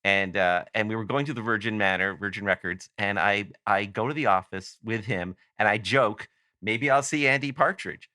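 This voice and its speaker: Low bright-voiced Canadian man telling stories. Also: moderate pace, few pauses, no room sound, clean studio sound. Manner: rambling, self-correcting anecdotes. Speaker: guest author. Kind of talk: casual podcast storytelling.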